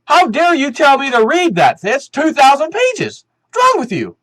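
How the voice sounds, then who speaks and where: Huffy elderly congressman, high and indignant, scolding, put on by a male commentator. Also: huge pitch swings, fast talker, a bit bright, exaggerated voice. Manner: exasperated, scolding.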